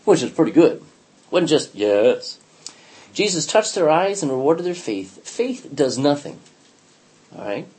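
Leading a Bible study, this man has a slightly high, very animated voice that is a little mellow and slightly rough. He speaks a little slowly with long pauses, reading scripture aloud and explaining it emphatically, repeating key words and asking questions.

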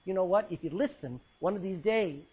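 A male pastor preaching a sermon, swinging between loud cries and hushed words as he quotes scripture in old-fashioned style. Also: high-pitched, a little fast, husky, muffled recording.

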